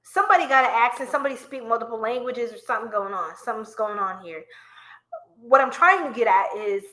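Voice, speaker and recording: A woman's voice: fairly high pitch, expressive, quick pace, sharp tone. A woman giving a live-streamed tarot reading, chatty and playful, laughing often and talking to viewers as y'all. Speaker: tarot reader.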